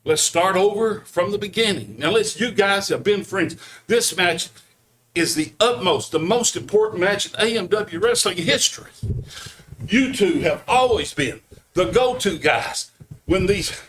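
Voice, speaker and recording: Brief: slightly high-voiced male interviewer, placating, faint noise behind. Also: unhurried. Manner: pleading, trying to calm things down. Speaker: interviewer and commentator. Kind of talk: wrestling interview.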